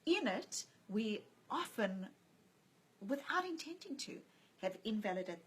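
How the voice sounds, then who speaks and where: In a conversational interview, this woman, an author and guest, shares stories and mimics the voices in them. She talks at a measured pace in a fairly high, sing-song voice with a breathy edge. The audio quality is poor.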